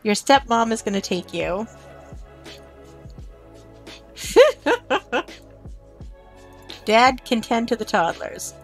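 Woman streamer, chatty gameplay commentary, higher voice, slow easy delivery. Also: very animated, faint music behind. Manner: chatty, talks to game characters and chat.

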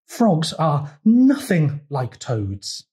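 A man voicing a boastful, touchy frog in a picture-book read-aloud, speaking loudly and indignantly. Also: high-pitched, sing-song, takes it slowly, voice pushed up, heavily acted. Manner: indignant, teasing, loud.

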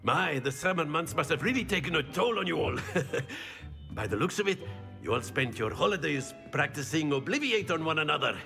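A woman's voice: low voice, big pitch swings, normal speed, gravelly, sharp tone, soft background music, exaggerated voice. An actress playing a wry female magic professor with a dry, teasing manner.

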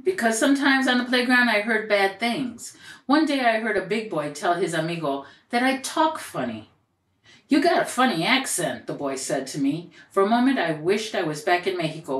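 A woman reading a children's picture book aloud in a gentle, expressive storytelling way, lifting her voice for the quoted lines. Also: mid-range voice. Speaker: storybook reader and educator. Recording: roomy echo, voice a bit far from mic.

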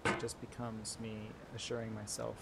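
A man's voice: fairly low pitch, completely flat delivery, moderate pace, vocal fry. A young man giving gameplay commentary, frustrated and repeating reassurances to himself. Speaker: gaming YouTuber. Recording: loud background noise.

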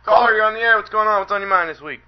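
A man's voice: sits high, very fast, highs cut off. A man co-hosting a call-in radio show, laid-back and swearing freely. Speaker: radio co-host. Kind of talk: casual call-in radio talk.

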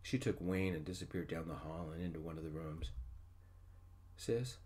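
A man narrating a first-person story in a soft-spoken ASMR style. His voice is very low and gentle, unhurried, close and calm in a whispered role-play.

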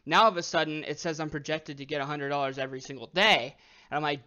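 A young man gives a motivational talk in a casual, chatty way, sprinkling in "dude" and "okay." His voice is bright and forceful, sitting a little high for a man. The recording sounds slightly dull and lo-fi. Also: fast, clean tone. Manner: casual, says "dude" and "okay" a lot, grows excited. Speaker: online business coach.

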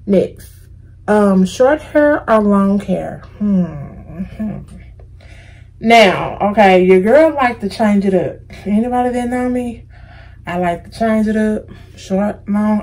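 Slow, gravelly American woman vlogging. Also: mid-range voice, a little mellow, poor audio. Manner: chatty, drawn-out, playful. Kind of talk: casual Q&A vlog.

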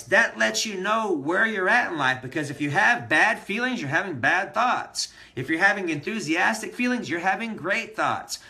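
A man giving an energetic, motivational self-help training on a live stream, speaking directly to viewers. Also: fairly high pitch.

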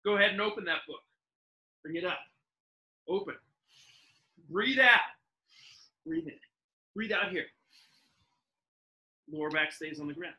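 Bright high-voiced male fitness coach. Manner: upbeat, encouraging cues, counts down reps. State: slightly out of breath while exercising. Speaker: fitness instructor. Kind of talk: live workout coaching.

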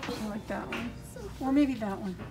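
A woman's voice: fairly high pitch, moderate pace, over loud music. A woman, the vlogger's mother, making short agreeable remarks while shopping in a busy store, heard a little off to the side of a handheld camera. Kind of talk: casual chat while shopping.

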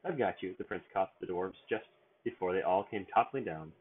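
A man's voice: sits low, moderate pace, a little hiss or hum. A man reading a storybook aloud at bedtime in a sing-song read-aloud manner, with small stumbles, over a tinny phone-like line.

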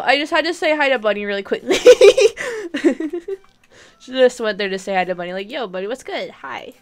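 A young woman streaming a game live, bubbly and giggly, chatting excitedly with her viewers. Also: a little high, clear, resonant tone. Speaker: gaming streamer. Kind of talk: live-stream gameplay chat.

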